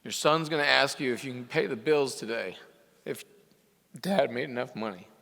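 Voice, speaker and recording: Brief: male motivational speaker, bright and forceful, live conference hall with long reverb. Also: medium pitch, moderate pace, creaky. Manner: impassioned, rising into emphatic peaks. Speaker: coach speaking to repair shop owners. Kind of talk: motivational speech to a live audience.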